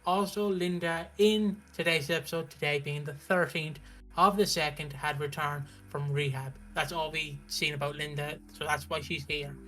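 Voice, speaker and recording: A British man recapping a soap opera on a stream in a casual, animated way, with frequent restarts. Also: fairly high pitch, normal speed, faint music behind. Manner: animated storytelling, acts out characters' lines, frequent restarts.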